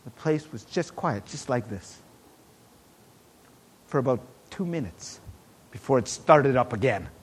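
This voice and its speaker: A middle-aged man preaching a sermon, telling a personal testimony with animated swings between loud exclamations and hushed asides. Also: medium pitch, measured pace, long pauses, breathy edge.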